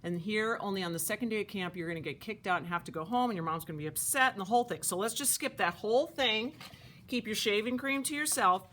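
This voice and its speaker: A woman teaching a craft to children at a camp, talking in a playful, animated, chatty way. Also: mid-range voice, quick pace, slight background noise.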